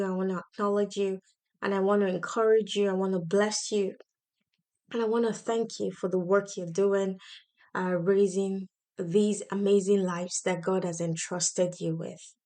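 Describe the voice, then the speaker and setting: A woman's voice: medium pitch, darkish tone. An earnest woman in her thirties talks into the mic from her home office in a casual solo podcast. Her voice sits in a mid range, and she speaks in an encouraging, faith-tinged way. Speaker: podcast host.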